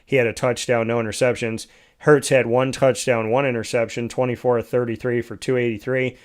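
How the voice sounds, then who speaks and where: A man hosting a solo fantasy football talk show, reading off player stats in quick lists and correcting himself as he goes. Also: mid-range voice, level tone. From United States.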